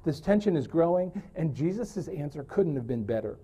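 A man's voice: a little high, very animated, moderate pace, warm tone, husky. A man preaching a sermon, earnest and explanatory, now and then correcting himself mid-sentence.

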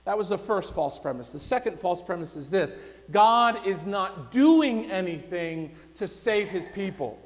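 High-voiced male preacher in a reverberant hall. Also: expressive, a little slow. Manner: swings between loud pleading cries and hushed, quiet passages. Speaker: pastor. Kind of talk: sermon.

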